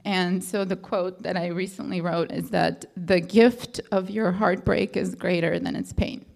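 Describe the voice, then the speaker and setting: A woman's voice: fairly low pitch, steady tone, measured pace, gravelly, a little mellow. A woman from the audience sharing a personal story at a question session, hesitant and rambling, with many fillers and restarts. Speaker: audience member asking a question.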